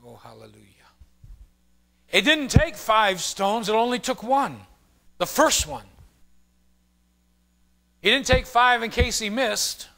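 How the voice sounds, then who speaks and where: A male pastor delivers an emphatic, storytelling sermon. His voice sits high for a man and rings bright and forceful. He drives his points home with repeated phrases. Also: lively intonation, takes it slowly, pauses often.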